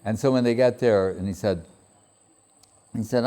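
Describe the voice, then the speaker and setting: A man giving a spiritual talk, telling a story in a lively way, quoting others in a raised voice and laughing often. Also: on the low side, normal speed, pauses often. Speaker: spiritual speaker.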